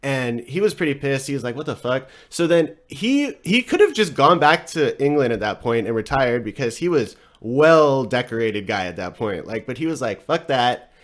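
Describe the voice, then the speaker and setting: A man's voice: mid-range voice, big pitch swings, moderate pace, hardly any pauses. Man, podcast host, casual storytelling, rambling, swears a lot, lots of fillers, chuckles often, mid-range voice. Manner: rambling, profane, frequent laughs, many fillers.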